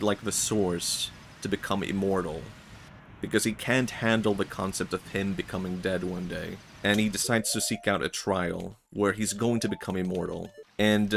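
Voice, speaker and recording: A man's voice: low voice, vocal fry, fairly bright tone, a little hiss or hum. A young man streaming, rambling reflectively in casual chat and chuckling often.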